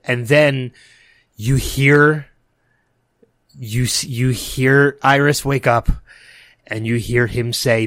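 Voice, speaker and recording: Man co-host for a casual chat show; emotional, rambling delivery, mid pitch, dry booth sound. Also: a bit bright, dry recording. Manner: emotional, rambling with many restarts. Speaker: podcast co-host.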